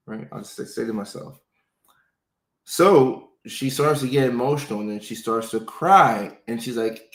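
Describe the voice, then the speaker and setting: A male doctor and show host telling casual personal stories, animated, slipping into playful voices for quotes. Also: on the low side. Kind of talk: casual storytelling. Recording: roomy echo.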